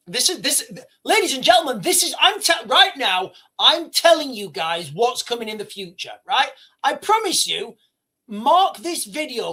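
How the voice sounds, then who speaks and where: A man's voice: sits high, pushed and bright. A man hosting a livestream, commenting on a news article he reads aloud. His voice swings widely up and down as he makes his points emphatically. He often repeats lines and trips over words before restarting. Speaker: livestream host.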